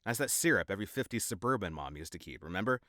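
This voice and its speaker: A man's voice: deep voice, animated, quick pace, pushed and bright, dry recording, clean studio sound. A man narrating a novel in first person, with a sardonic, rambling, wry delivery. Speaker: audiobook narrator.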